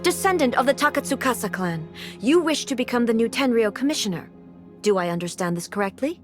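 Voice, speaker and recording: An actress playing a stern ruler who speaks in a formal, measured and commanding way, in a video game. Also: female voice, fairly high pitch, animated, close to an everyday voice. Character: stern, imperious female ruler, cold and commanding. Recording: game audio with music.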